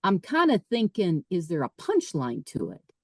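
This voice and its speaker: A woman's voice: lowish voice, wildly swooping pitch, moderate pace, darkish tone, dry recording. A middle-aged woman, a podcast guest, telling a personal story emphatically, repeating phrases and voicing her own thoughts.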